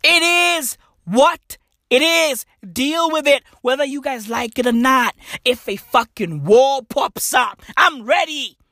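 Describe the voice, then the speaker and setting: A speaker delivering a profane, mocking comic rant, swinging between loud and soft. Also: high voice, slow pace, dry recording, clean studio sound. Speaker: comedian.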